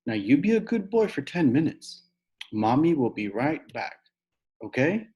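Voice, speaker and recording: Man doing a hurried, anxious mom. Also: on the high side, very animated, slightly rough, dull audio, full character voice. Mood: coaxing. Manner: gentle, hurried pleading. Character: anxious caring mother of two boys. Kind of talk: audiobook reading aloud.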